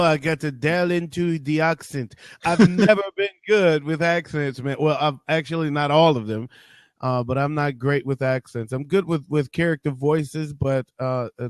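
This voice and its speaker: A man's voice: medium pitch, dry recording. A man from Detroit hosting a casual morning livestream, joking loosely, cursing freely and greeting viewers by name. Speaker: livestream host.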